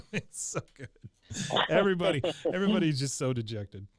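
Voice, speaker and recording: A man's voice: fairly high pitch, big pitch swings, brisk, no echo. A man hosting a podcast, casually recapping an episode with lots of filler sounds and chuckles. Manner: rambling, many filler sounds, chuckles often. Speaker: podcast host.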